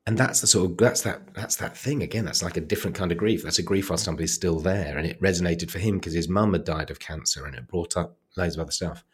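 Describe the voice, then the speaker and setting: A man telling a personal story of loss in a podcast interview, reflective and quiet, often halting as he recalls hard moments. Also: low voice, husky. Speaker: guest.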